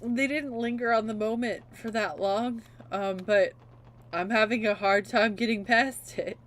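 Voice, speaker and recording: A woman's voice: a little high, fairly even intonation, a little slow, fairly bright tone. A young woman streaming a game, chatting casually and emotionally with lots of fillers. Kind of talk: casual chat.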